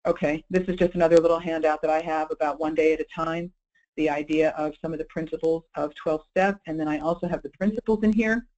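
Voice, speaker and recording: A woman's voice: deep voice, fairly even intonation, fast talker, darkish tone, highs cut off. Chatty woman presenting a webinar. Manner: conversational, checks in with listeners with "okay?" and "you know". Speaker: clinical presenter on recovery.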